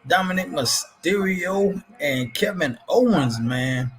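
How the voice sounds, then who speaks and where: A man's voice: a little high, animated, slow. A man hosting a live wrestling stream, chatting casually and reading out viewer comments, dropping "man" into nearly every sentence. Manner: laid-back, says "man" constantly, breaks into laughter.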